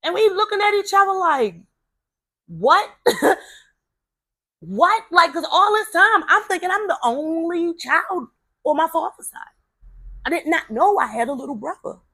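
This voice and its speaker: A woman telling a personal story in a casual, animated way, acting out the voices of the people she quotes. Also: very high-pitched, unhurried, pauses often, no room sound.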